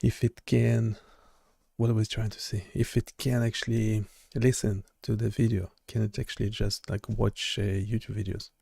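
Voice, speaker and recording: A man hosting a live coding stream, chatting casually and haltingly with lots of fillers and restarts. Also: on the low side, flat delivery, gravelly, mellow, breathy edge, no room sound, clean studio sound. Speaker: live-stream host and developer.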